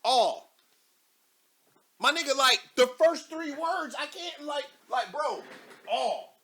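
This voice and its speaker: Animated, mocking young man. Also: very high voice, slow. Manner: loud, mocking, laughs often, repeats himself. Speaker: live show host. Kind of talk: animated commentary reading posts aloud.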